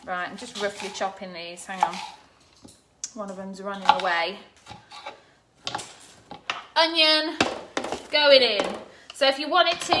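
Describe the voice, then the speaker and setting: A woman's voice: a little high, background noise. A woman hosting a live cooking stream from her home kitchen, talking casually and greeting viewers by name. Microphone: phone camera propped on the counter.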